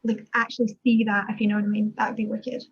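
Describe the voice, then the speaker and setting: A woman's voice: mid-range voice, level tone, fast, breathy edge. A woman co-hosting a casual video call chat, talking in a chatty way and laughing often. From Scotland. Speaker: co-host. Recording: dull lo-fi video call audio.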